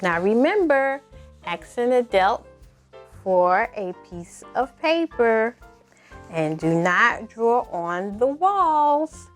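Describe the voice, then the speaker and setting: A woman teaching a slow, encouraging lesson for small children, asking them to repeat words after her. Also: fairly high pitch, big pitch swings, faint music behind. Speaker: preschool teacher.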